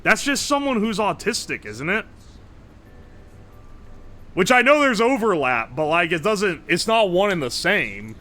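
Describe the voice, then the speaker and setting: A man's voice: sits high, very animated, a little slow, pauses often, pushed and bright. A man streaming live, reading his chat aloud and reacting in a joking, profane way. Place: home streaming setup.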